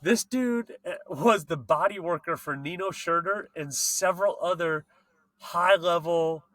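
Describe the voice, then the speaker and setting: Bright-voiced excited bike-racing podcast host man. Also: a little high, measured pace, no echo. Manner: excited, slangy, swears freely. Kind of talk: casual podcast chat.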